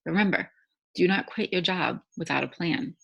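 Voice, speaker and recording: A woman's voice: fairly low pitch, normal speed, gravelly, fairly bright tone, slightly rough, lo-fi sound. A woman hosting a faith-based challenge, giving a devotional teaching talk in a conversational way and often checking in with tag questions.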